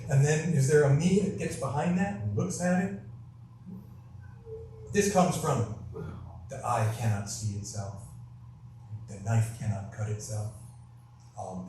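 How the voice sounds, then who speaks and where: A man's voice: mid-range voice, animated, slow, pauses often, mellow, very echoey, recorded from a distance, a little hiss or hum, rough recording. A male guest minister giving a reflective, conversational sermon, often checking in with "right?". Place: temple hall.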